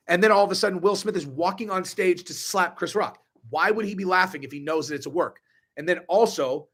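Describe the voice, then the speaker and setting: A man's voice: fairly high pitch, a bit bright. A man ranting on a live stream, profane and rambling, restarting his sentences often. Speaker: online commentator.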